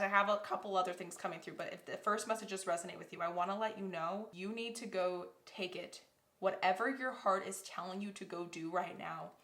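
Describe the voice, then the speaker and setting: A woman's voice: medium pitch, a bit bright, reverberant. A woman giving a pick-a-card tarot reading, talking straight to her viewers in an emotional, effusive way. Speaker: tarot reader.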